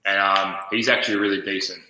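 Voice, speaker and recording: A man co-hosting a football watch-along, excitable and swearing, quick to stick up for his club. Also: deep voice. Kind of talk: casual live-stream banter. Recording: echoey room.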